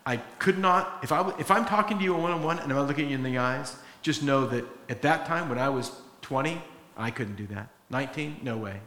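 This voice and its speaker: A man's voice: medium pitch, fairly quick, sharp tone, roomy sound, long reverb tail. A middle-aged pastor preaching a sermon in an earnest, conversational way, acting out the quotes he tells.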